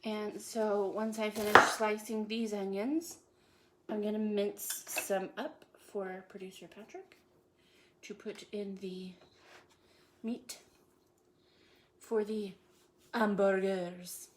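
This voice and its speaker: A woman's voice: mid-range voice, fairly even intonation, takes it slowly, long pauses. Playful woman hosting a cooking show. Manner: playful, jokey, self-praising with puns. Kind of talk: casual live cooking chat. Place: home kitchen. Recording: kitchen noise with chopping and clicks.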